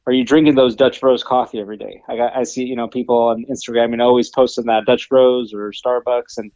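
A man's voice: mid-range voice, flat delivery, fast, a little mellow, dry recording, dull audio. A man co-hosting a podcast in casual chat, explaining earnestly with many restarts and tag questions. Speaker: podcast co-host.

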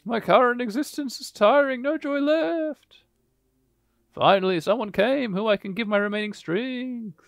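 A man's voice: very high voice, unhurried, creaky, no echo, studio quality, voice pushed up, heavily acted. A man reading the lines of a tired old ghost aloud in a theatrical voice during a game playthrough. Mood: weary.

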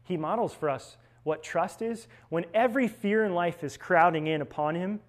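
A man's voice: high-pitched, moderate pace. A young man, a seminarian, giving a conversational spiritual reflection, telling stories and often checking in with tag questions. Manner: storytelling, with frequent tag questions.

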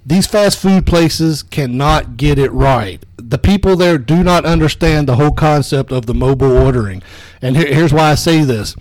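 A man co-hosting a podcast, telling a story in casual comedic chat, animated and swearing. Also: fairly high pitch, moderate pace, no room sound. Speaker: podcast co-host.

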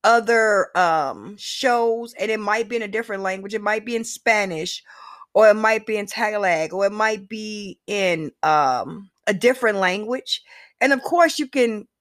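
A woman's voice: mid-range voice, measured pace, no room sound, clean studio sound. A woman hosting her own solo podcast, talking casually and emphatically to her listeners with slang and direct asides. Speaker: podcast host.

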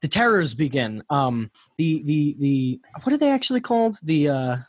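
A man's voice: fairly high pitch, very animated, normal speed, no echo, clean studio sound. An American man casually retelling history on a podcast, rambling with frequent restarts. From United States.

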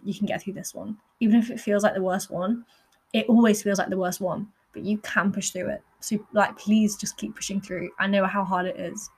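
A woman's voice: medium pitch, a little mellow, slightly rough. A young woman hosts her podcast in a candid, earnest personal monologue, peppered with "like.". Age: young adult. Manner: candid and earnest, with frequent fillers like "like". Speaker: podcast host.

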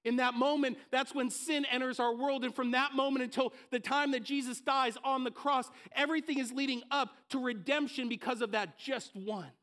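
Energetic high-voiced male preacher. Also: normal speed, few pauses. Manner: energetic, conversational, acts out voices. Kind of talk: sermon.

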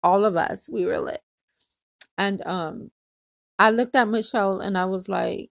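A woman's voice: fairly high pitch, normal speed, gravelly, no echo, clean studio sound. A woman hosting her own podcast, telling a casual story in a chatty way, laughing often and acting out what others said. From Hawaii. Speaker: podcast host.

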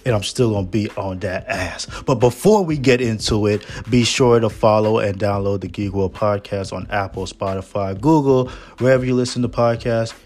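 A man's voice: on the low side, normal speed, few pauses, darkish tone. A man hosting a casual podcast review, joking and slangy, with a lot of profanity. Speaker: podcast host.

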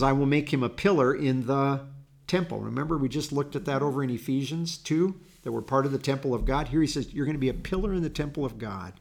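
A middle-aged man teaching a Bible study in an earnest, folksy way, with storytelling asides to his class. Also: mid-range voice.

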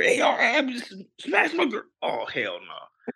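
A man tells a story on a podcast, his husky, gravelly voice swinging wildly up and down. He bursts into high-pitched voices whenever he quotes someone. The delivery is loose and animated. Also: brisk. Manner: animated, jumps into high voices when quoting people. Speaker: podcast co-host. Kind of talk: casual storytelling chat.

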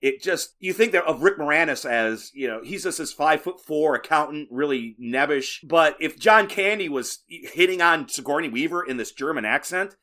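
Bright-voiced man chatting film trivia. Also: a little high, expressive, normal speed, few pauses. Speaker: podcast co-host. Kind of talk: casual movie discussion podcast.

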